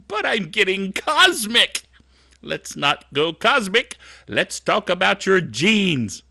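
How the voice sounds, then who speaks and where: A middle-aged man hosts his tech show in a loose, digressive monologue that mocks itself. His voice is bright and gravelly, and it swings widely in pitch. He is recorded in a dry room. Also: slow pace, no room sound. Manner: animated, digressive, self-mocking. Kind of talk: casual rambling monologue.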